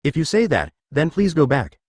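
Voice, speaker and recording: A man's voice: a little high, wildly swooping pitch, moderate pace, no echo, studio quality. A man voicing a cocky young martial artist in a synthetic-sounding story reading, confident and sly.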